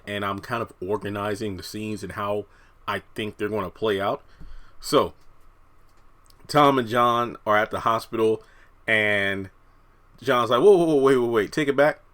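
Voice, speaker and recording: Pushed and bright, a lowish male voice delivers loose, chatty TV review commentary for YouTube, stuffed with fillers. It's hot in the room with no fans running, leaving him slightly short of breath.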